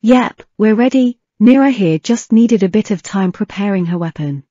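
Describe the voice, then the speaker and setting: A woman voicing an eager, easily scared young woman in an audiobook reading, lifting her voice a little higher for the part. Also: expressive, moderate pace, warm tone, no room sound, highs cut off, lightly acted.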